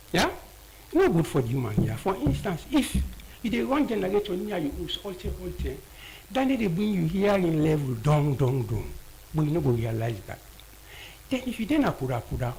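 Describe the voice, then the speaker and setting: A man's voice: fairly high pitch, gravelly, darkish tone, slight background noise, rough recording. A man with a Sierra Leonean Krio accent, an audiologist explaining ear health as a guest in a radio studio, often repeating key words.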